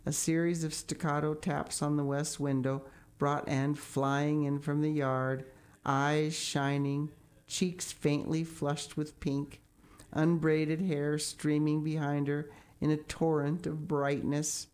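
A woman calmly reading a novel aloud as narrator, unhurried. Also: sits low. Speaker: audiobook narrator.

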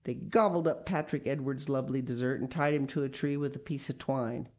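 A woman reading a children's picture book aloud, with lively expression and small asides. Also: a bass voice, a little fast. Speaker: storyteller.

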